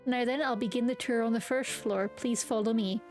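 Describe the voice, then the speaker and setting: Formal young male student council president, polite and welcoming, read by a high-voiced woman. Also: steady tone, moderate pace, darkish tone, faint music behind, natural voice. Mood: formal welcome. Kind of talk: reading game dialogue aloud.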